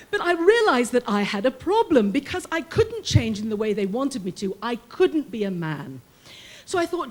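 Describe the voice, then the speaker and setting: A middle-aged British woman recounts a personal story from her days as a prison chaplain, her high voice swinging widely in pitch as she acts out the people she quotes. She's very animated, warm and funny, speaking at a normal speed paced for a live audience.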